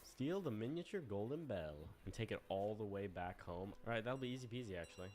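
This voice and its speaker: A young man gives casual gameplay commentary with a mellow, darker tone. He talks playfully and teases as he goes, like a streamer enjoying some mischief. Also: fairly low pitch, lively intonation, brisk. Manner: playful, teasing, mischievous banter.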